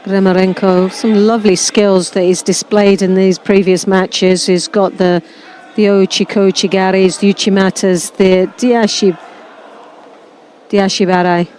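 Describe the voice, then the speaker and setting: A woman's voice: medium pitch, flat delivery, measured pace, darkish tone, slight background noise, rough recording. A woman co-commentating live on a judo event, enthusiastic and chatty. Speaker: sports commentator.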